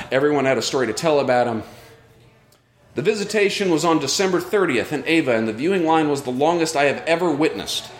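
A man telling a personal story live on stage, earnest and reflective in tone. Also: mid-range voice. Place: live show at a brewery. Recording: roomy live venue sound.

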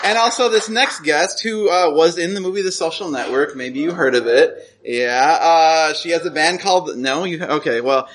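A man's voice: fairly high pitch, moderate pace, few pauses, fairly bright tone. A man hosting a live storytelling show, joking casually as he introduces the next speaker. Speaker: show host. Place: live show venue with audience. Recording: live stage recording with crowd and noise.

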